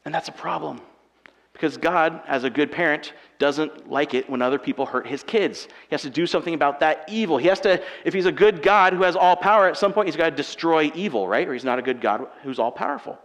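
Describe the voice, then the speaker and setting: A young man delivers a sermon with a high, fry-edged voice. He talks in a casual, conversational way, dropping quiet and then rising to emphatic points. His voice rings with the long reverb of a big church hall. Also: brisk. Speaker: pastor. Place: church sanctuary.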